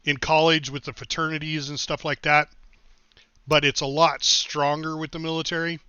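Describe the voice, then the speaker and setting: A man's voice: on the high side, level tone, normal speed, sharp tone, clean tone, no room sound, dull audio. A middle-aged man streaming a game, telling long personal stories in a casual, rambling way and thanking his followers. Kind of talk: casual storytelling while livestreaming.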